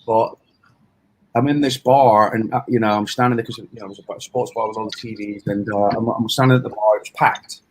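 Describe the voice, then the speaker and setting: A man's voice: on the low side, steady tone, a little fast, slight background noise, rough recording. A middle-aged man from England, a self-defense instructor, talking casually in a rambling, storytelling way with lots of restarts and fillers. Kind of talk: casual interview talk.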